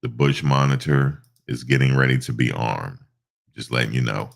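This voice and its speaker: A man's voice: very deep voice, steady tone, normal speed, creaky. A stuffed-up man hosting a casual live stream, rambling through stories with lots of fillers. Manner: rambling storytelling with many fillers.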